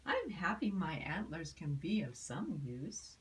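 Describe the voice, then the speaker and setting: Woman voicing a gentle big-hearted moose. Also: lowish voice, sing-song, a little slow. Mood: kindly.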